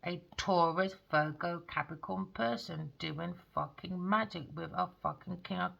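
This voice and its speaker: A woman giving a spoken tarot reading, blunt and excitable, swearing freely. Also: on the low side, a little slow, creaky, few pauses, low-quality recording. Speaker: tarot reader.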